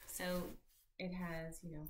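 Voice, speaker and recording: A woman's voice: on the low side, level tone, slow, slight background noise. A woman in her fifties chatting casually to camera about her stitching, rambling with many ums and restarts. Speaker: cross-stitch vlogger.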